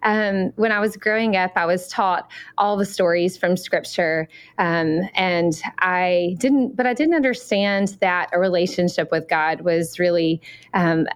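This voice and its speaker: A Southern-accented woman in her forties speaks as a guest in an interview. Her voice sits fairly low, and she talks earnestly, often pausing on "um" as she gathers her thoughts. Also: clear, resonant tone. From Alabama. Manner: earnest, many "um" fillers. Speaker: missionary guest. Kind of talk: interview conversation.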